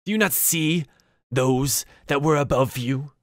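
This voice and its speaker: A man voicing a stern male orc shaman in a tabletop game, speaking slowly and threateningly. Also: a little high, dry recording, studio quality, pitched above the performer's own voice, close to an everyday voice. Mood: menacing. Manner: slow, measured and threatening.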